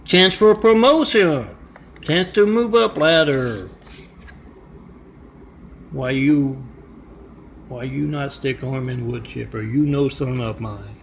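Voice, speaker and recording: A man's voice: mid-range voice, slow, gravelly, darkish tone, slight background noise. A man putting on the voice of a stern father who berates his son in broken English. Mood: berating. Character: stern disappointed older father.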